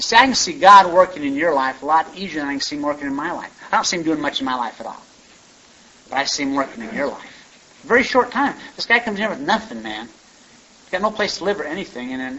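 Man, recovery meeting share, rambling folksy storytelling, slightly high voice, dull lo-fi sound. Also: bright, forceful tone. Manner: rambling, folksy, repeats "man" and "you know". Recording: dull lo-fi recording with faint hiss.

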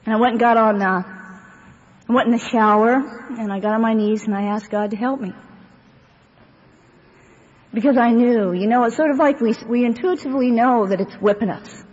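A woman's voice: fairly high pitch, moderate pace, pauses often, darkish tone, slightly rough. Woman sharing her story in an echoey hall. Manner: conversational and rambling, with many fillers and wry humor. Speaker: speaker sharing her recovery story at a twelve-step meeting. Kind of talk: personal testimony talk to a live audience. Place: meeting hall with an audience. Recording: dull, echoey hall recording with faint hiss.

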